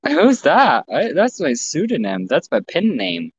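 A man's voice: on the high side, wildly swooping pitch, measured pace, a little hiss or hum. A man hosting a casual podcast, talking in a blunt, crude, joking way. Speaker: podcast host. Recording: dull lo-fi sound.

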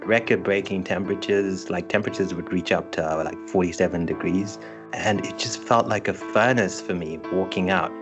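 A man's voice: low-pitched, steady tone, moderate pace, music in the background. A man co-hosting a casual podcast chat, laid-back and laughing often. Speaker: podcast co-host.

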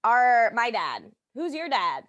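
Woman podcast co-host, bright high register, lively pitch, laughs often. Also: slow, dry recording, lo-fi sound. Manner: giggly, animated, trails off with fillers. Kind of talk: casual chat.

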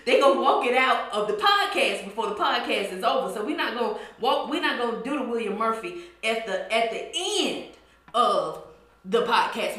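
A woman's voice: high voice, fairly bright tone. A woman hosting a church-culture podcast, teasing her listeners in a playful, call-and-response style. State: out of breath. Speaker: podcast host. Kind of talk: playful podcast monologue, chanting dance calls. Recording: very echoey room.

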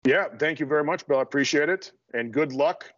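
A man's voice: on the high side, brisk, a bit bright, dry recording, dull audio. A middle-aged man, a strength coach, talking as a podcast guest in a blunt, direct, self-deprecating way. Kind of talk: casual interview chat.

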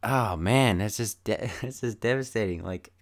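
A man's voice: lowish voice, normal speed. A man casually recapping a film, rambling and thinking aloud as he goes. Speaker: film reviewer.

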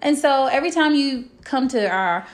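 A woman co-hosting a casual podcast with her husband, blunt and direct, animated and often restarting her thoughts. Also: high voice, moderate pace. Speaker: podcast co-host. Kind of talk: casual chat.

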